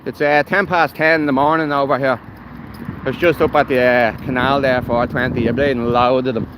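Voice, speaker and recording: A man's voice: mid-range voice, fairly even intonation, moderate pace. A man with a Dublin accent giving blunt, heated commentary while walking outdoors, filmed on a phone. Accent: Irish, Dublin. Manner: blunt, heated, swears freely. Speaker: livestreamer. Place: outdoors on city streets. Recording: outdoor street recording with traffic noise.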